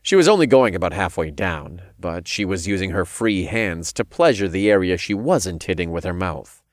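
A man reading a first-person story aloud in a calm, measured way. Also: deep voice, no echo, clean studio sound. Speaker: narrator.

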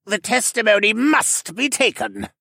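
Hissing, arrogant cruel chamberlain. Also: male voice, high voice, wildly swooping pitch, unhurried, vocal fry, sharp tone, dry recording, studio quality, voice pushed up, heavily acted. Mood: cold. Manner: screeching, snake-like hiss.

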